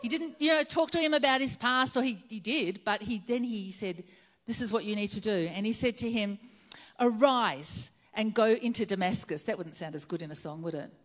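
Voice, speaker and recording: A woman's voice: mid-range voice, brisk, a bit bright. Earnest woman preaching a sermon. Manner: earnest storytelling, repeats key phrases for emphasis.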